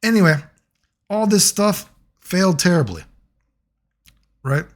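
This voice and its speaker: A man telling a long personal story in a casual monologue, rambling and profane, getting animated when he quotes other people. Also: high-pitched, a little slow. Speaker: video creator.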